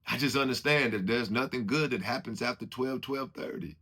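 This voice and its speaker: A man's voice: mid-range voice, fairly quick, a bit bright, husky. A man giving an informal, preachy motivational talk, acting out what other people say as he goes. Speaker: motivational speaker.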